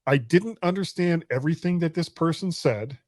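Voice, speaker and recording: A man's voice: fairly high pitch, moderate pace, darkish tone, dry recording, clean studio sound. A middle-aged man hosting a casual podcast chat, joking, laughing often and stumbling over his words. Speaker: podcast host.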